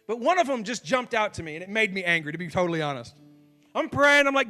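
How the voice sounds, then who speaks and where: A male pastor in his thirties preaching from a church stage, his voice sitting high for a man. He talks in an animated, self-mocking way and acts out little exchanges, while soft guitar music plays faintly behind him. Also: fast talker. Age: 30s. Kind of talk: sermon.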